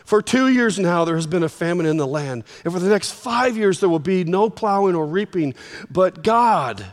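A man preaching a sermon, telling the story in an animated way, with sudden swings in volume. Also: sits high. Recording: long reverb of a large hall.

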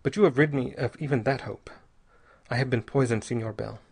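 A man voicing a small stout gentleman who has been poisoned, speaking quietly in measured, formal sentences. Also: medium pitch, creaky, husky. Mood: grave.

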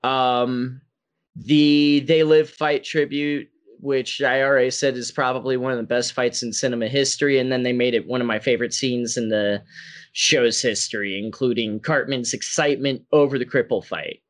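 A man co-hosting a casual podcast who talks in a relaxed, laid-back way. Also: medium pitch, normal speed. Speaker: podcast co-host.

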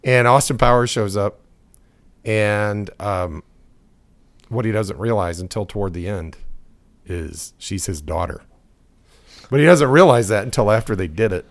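A man's voice: on the low side, unhurried, pauses often. A man co-hosting a casual podcast chat, rambling through jokes and opinions and laughing often. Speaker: podcast co-host.

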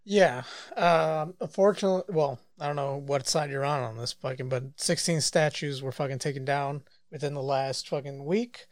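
A man riffs on news clips with a podcast partner, swearing constantly and getting worked up. His voice sits on the higher side for a man. The recording is dry and close, with no room sound. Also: normal speed, few pauses, dry recording. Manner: profane, excitable, swears constantly. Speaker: podcast co-host. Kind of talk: casual banter reacting to news clips.

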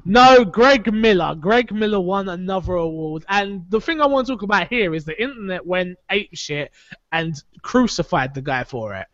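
A man hosting a casual podcast chat, talking in an animated, opinionated way. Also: sits high, moderate pace, dry recording. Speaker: podcast host. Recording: dull lo-fi audio.

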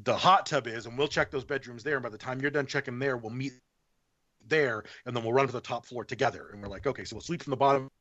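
A man's voice: medium pitch, quick pace, no room sound. Podcast guy telling a story, cussing, doing everyone's lines, kinda muffled lo-fi audio. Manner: animated, profane, acts out other people's lines. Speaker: podcast guest. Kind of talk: casual storytelling chat.

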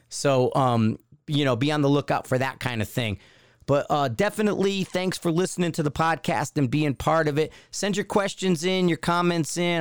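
A man's voice: on the high side, smooth, dry recording, clean studio sound. A man hosting a podcast in casual solo chat. He rambles, with many fillers and restarts. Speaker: podcast host.

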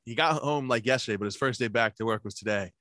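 A man's voice: mid-range voice, quick pace, pushed and bright, no echo, clean studio sound. A man in casual chat, telling long profane stories about his workday and acting out what everyone said, laughing along. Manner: acts out both sides of remembered conversations.

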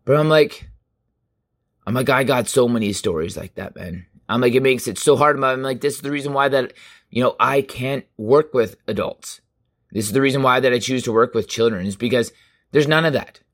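A male podcast host talking straight into a studio mic. He tells his stories in a loose, animated way and swears freely. His voice sits at an everyday middle pitch. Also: brisk. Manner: profane, animated storytelling. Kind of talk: casual podcast monologue. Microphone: studio microphone.

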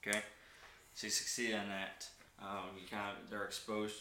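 A man narrating as game master in a tabletop game, relaxed and laughing often. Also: lowish voice, moderate pace, reverberant, slight background noise.

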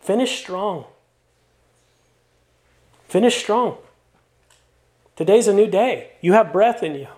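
A man's voice: high voice, expressive, slow, pauses often, a little mellow. A middle-aged male pastor preaching a sermon, mixing stories told with playful asides and earnest encouragement.

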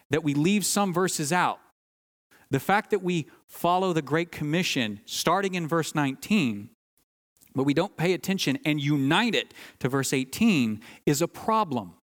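A man's voice: a little high, expressive, a little slow. Earnest preacher man in a reverberant hall. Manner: earnest teaching, stresses key words, restarts phrases. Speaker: pastor. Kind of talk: sermon.

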